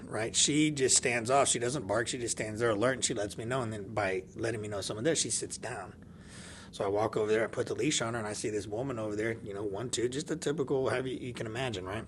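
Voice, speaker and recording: A man's voice: lowish voice, quick pace, a little hiss or hum. A man telling a personal story in casual chat, laughing often and acting out the dialogue of the people in it. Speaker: podcast guest.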